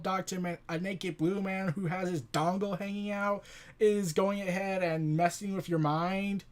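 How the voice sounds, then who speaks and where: A comic book reviewer recapping an issue in a rambling, joking, casual way. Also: medium pitch. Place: home recording setup.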